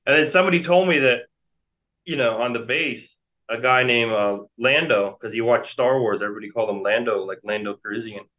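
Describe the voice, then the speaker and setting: This guest, an American in his forties, rambles on through a long interview story, full of fillers and restarted thoughts. His medium-pitched voice comes across pushed and bright at a fairly quick clip, on dull lo-fi audio.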